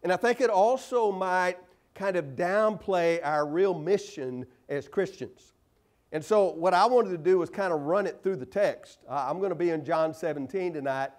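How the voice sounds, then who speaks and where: A man preaching a sermon in church, earnest and emphatic, slowing to stress key phrases and scripture. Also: high-pitched, darkish tone.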